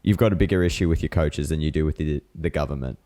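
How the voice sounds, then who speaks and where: Deep-voiced blunt man ranting. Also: quick pace, warm tone. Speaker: podcast co-host. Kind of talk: casual chat.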